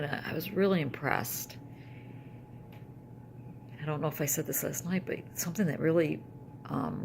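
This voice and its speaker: Older woman with a gravelly voice, rambling. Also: rumbling low, fairly bright tone, slight background noise. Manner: rambling, conversational, with trailing restarts. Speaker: vlogger. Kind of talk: casual personal health vlog. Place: home.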